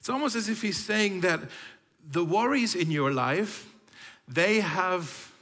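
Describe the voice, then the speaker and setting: A man's voice: high voice, animated, takes it slowly, a bit bright. A man preaching a sermon as a pastor, talking in a conversational way with playful asides and frequent restarts. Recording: long reverb of a hall.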